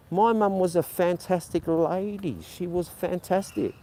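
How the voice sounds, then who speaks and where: A man's voice: sits high, steady tone, measured pace, dark tone. A man with a stutter hosting a casual walking livestream, rambling with many ums and firing back sarcastically at his chat. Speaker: livestream host. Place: outdoors on city streets. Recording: faint street noise behind.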